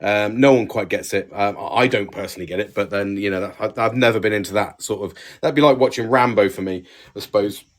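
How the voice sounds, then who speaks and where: Sweary dad, laddish banter. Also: male voice, fairly low pitch, fast. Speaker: podcast co-host. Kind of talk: casual chat.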